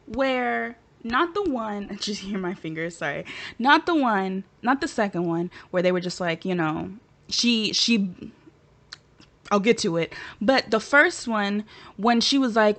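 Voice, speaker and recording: A woman's voice: mid-range voice, a little fast. A woman vlogger chatting casually and with sass to her viewers, giving her opinions straight to camera. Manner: animated, sassy, talks straight to viewers. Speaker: vlogger reviewing a reality show.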